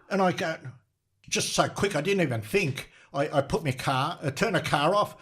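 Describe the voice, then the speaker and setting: A man's voice: fairly high pitch, moderate pace, fairly bright tone, slightly rough. An older Australian man, a podcast guest, telling a story with energy, laughing and restarting often. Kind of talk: animated storytelling.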